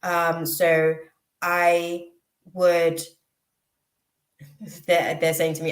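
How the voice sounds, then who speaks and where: A woman giving a live intuitive tarot reading, speaking reflectively and pausing often with ums and restarts. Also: fairly low pitch, little pitch movement, a bit bright, reverberant, poor audio. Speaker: tarot reader.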